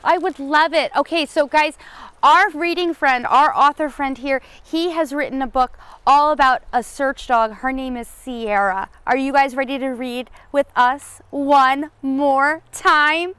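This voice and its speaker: Woman, kids' show host, high voice, dry close sound, eager questions. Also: unhurried, fairly bright tone, no room sound. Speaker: host of a children's reading show. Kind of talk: friendly children's show hosting.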